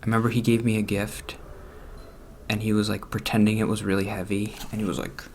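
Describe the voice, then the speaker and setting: A man's voice: on the low side, flat delivery, brisk, darkish tone, a little hiss or hum. A young man chatting casually at home, rambling and self-conscious, often breaking into nervous laughs. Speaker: gaming vlogger. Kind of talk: casual chat over gameplay. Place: room at home.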